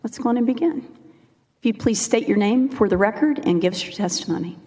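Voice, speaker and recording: A woman chairing a legislative committee, running the proceedings in a measured, formal way and calling out witnesses' names one by one. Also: a little high, animated, dark tone. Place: large legislative hearing room. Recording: echoey hall with long reverb.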